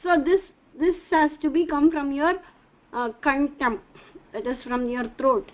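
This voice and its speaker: Woman teacher, high voice, drills syllables super slow and patient, muffled online class audio. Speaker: Tamil reading teacher. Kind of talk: slow online language lesson.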